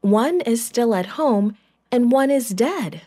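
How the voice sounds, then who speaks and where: Anxious grown brothers plead in a raised, strained voice, as a woman reading a children's Bible story puts them on. The tone is high and insistent. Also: animated, slow, warm tone.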